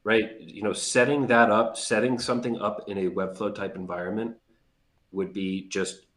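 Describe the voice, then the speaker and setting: A man's voice: on the low side, little pitch movement, normal speed, a bit bright, reverberant. A man co-hosting a livestream podcast, explaining his points plainly and reading viewer comments aloud. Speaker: podcast co-host. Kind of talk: casual livestream chat.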